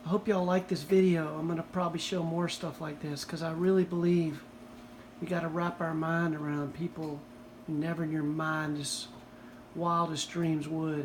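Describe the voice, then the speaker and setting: A man's voice: fairly high pitch, slight background noise, low-quality recording. A man hosting his own video, talking to viewers in an earnest, folksy way. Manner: earnest, folksy, keeps saying "y'all". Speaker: video host. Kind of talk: casual direct-to-camera commentary.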